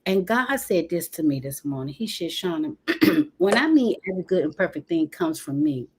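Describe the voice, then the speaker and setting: Over a phone or webcam stream, a woman gives a motivational talk on self-acceptance, energetic and expressive, with lively jumps in pitch. Her voice is husky, her pace moderate, and she keeps calling her audience "y'all."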